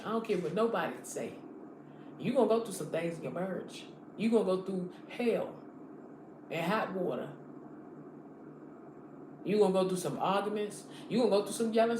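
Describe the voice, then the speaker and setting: Woman live-stream preacher, fervent and repetitive, roomy echo, faint hiss. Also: medium pitch. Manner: fervent, repetitive, direct address to viewers. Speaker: online preacher. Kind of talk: live-streamed motivational sermon. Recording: echoey room, faint background noise.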